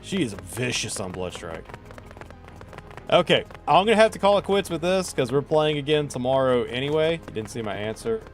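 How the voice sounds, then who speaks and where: A man's voice: medium pitch, lively intonation, moderate pace, faint music behind. A man hosting a casual gaming stream, playful and teasing as he chats with viewers while playing. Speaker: streamer host.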